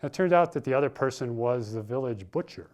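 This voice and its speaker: A man's voice: medium pitch, expressive, fast, darkish tone. A man giving a spiritual talk, telling a story in an informal, conversational way with frequent restarts. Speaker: spiritual teacher. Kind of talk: sermon with storytelling.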